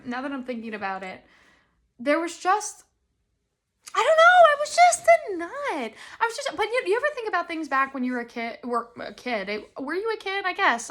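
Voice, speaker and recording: A woman in her twenties hosting a casual solo podcast, rambling and self-deprecating, breaking into sudden loud high laughs. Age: 20s. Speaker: podcast host.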